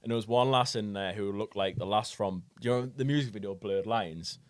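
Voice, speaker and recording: A man's voice: lowish voice, brisk. Swearing man telling a rambling story. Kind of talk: casual pub chat.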